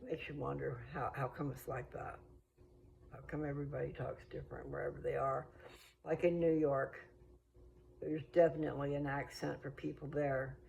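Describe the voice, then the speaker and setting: A woman's voice: low voice, little pitch movement, moderate pace, gravelly, darkish tone, a little hiss or hum, low-quality recording. An American woman chatting casually in a meandering, think-aloud way while out walking. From United States. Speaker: vlogger. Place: outdoors on a walk.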